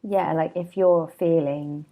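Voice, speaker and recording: A woman in her thirties talks through a relaxed solo podcast in a low, mellow voice with a gravelly edge. She is candid and chatty, laughs easily and drifts into asides. She sounds a bit hungover. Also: slow, rough recording. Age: 30s. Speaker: podcast host and blogger. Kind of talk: casual solo podcast monologue.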